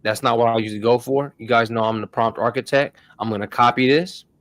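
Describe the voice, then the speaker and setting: A man's voice: medium pitch, fairly even intonation, fast, a bit bright, no echo. A man hosting a casual tech tutorial stream, talking loosely in slang to his viewers. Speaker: host.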